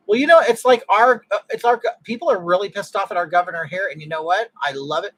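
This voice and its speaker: High-voiced husky man ranting. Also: fast, hardly any pauses, fairly bright tone, rough recording. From California. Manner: ranting, blunt, opinionated. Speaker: livestream host. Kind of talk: casual livestream chat.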